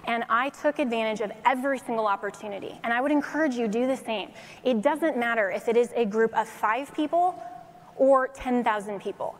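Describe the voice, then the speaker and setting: A woman from Colorado giving a faith-based motivational talk, telling her story in a lively way and laughing often, in an echoey hall. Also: on the high side. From Colorado, USA. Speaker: speaker.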